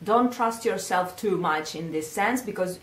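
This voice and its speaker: A woman with an Italian accent, a singing teacher, giving a patient pronunciation lesson and repeating words slowly. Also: lowish voice. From Italy. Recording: echoey room.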